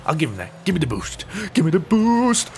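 A young man commentating his own gameplay, excitable and self-mocking, yelping and laughing at the plays. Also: fairly high pitch, a little fast. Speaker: gaming YouTuber.

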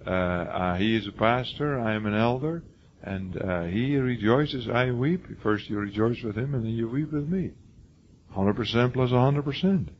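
In a medium-pitched voice with lively intonation and a moderate pace, an older man delivers a college lecture, emphatic and frequently restarting or repeating himself as he calls students by name. The classroom recording is lo-fi, with faint noise.

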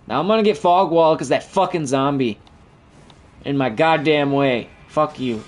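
A man's voice: fairly high pitch, normal speed. A man giving profane, trash-talking commentary over his own gameplay as the channel host.

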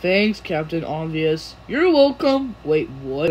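A woman's voice: mid-range voice, very animated, takes it slowly, rough recording. A young woman voicing many cartoon characters in a playful, silly way. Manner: playful, silly voices, giggly.

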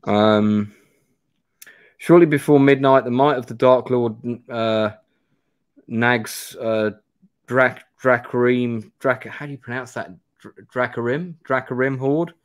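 A man's voice: medium pitch, fairly even intonation, slow, no room sound, clean studio sound. A man hosting a live stream, reading a gamebook aloud and chatting in a rambling, self-deprecating way. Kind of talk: live-stream play-through narration and chat.

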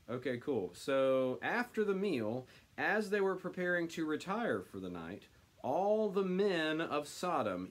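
A man leads a casual Bible study, reading scripture out slowly and then musing on it. He talks as he thinks, with plenty of ums and uhs between his thoughts. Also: medium pitch. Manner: thinks aloud with many fillers, reads slowly then comments.

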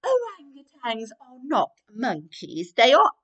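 A woman doing a stern old queen, in a storybook reading. The voice sits far above her own, lofty and clipped, sweeping up and down with a slow, regal delivery. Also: fairly high pitch, huge pitch swings, fairly bright tone, slightly rough, muffled recording, voice pushed up, full character voice. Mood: imperious. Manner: haughty, clipped and commanding.

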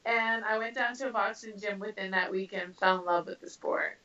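A woman from Canada, a professional boxer, answering interview questions in a casual, animated way with many fillers. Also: medium pitch, a little fast. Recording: roomy, distant, dull sound.

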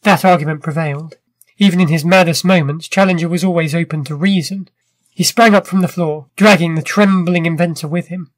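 A man reads a classic short story in a measured, vivid first-person style. His voice sits high for a man and sounds dry and close, with no room echo. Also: fairly even intonation. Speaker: narrator. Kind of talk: scripted storybook narration.

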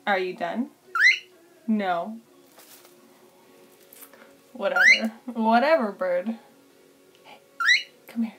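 A woman's voice: mid-range voice, very slow, pauses often, over loud music. A woman streaming cosplay work from home, chatting casually with viewers and her pet bird, laughing often. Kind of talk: casual live stream chat.

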